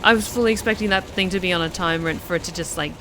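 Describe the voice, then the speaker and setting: A woman's voice: fairly low pitch, very fast, background noise. A woman streamer chatting casually through live gameplay, thanking viewers by name. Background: music.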